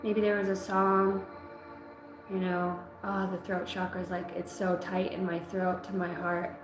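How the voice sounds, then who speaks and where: A woman giving a live psychic reading, talking emotionally in halting phrases that break off mid-sentence. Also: on the low side, little pitch movement. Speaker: psychic reader. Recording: roomy sound with music behind.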